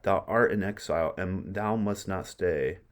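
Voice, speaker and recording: A man's voice: low-pitched, measured pace. A man reading aloud the lines of a grieving old Roman father who vows revenge, declaiming the verse. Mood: grim.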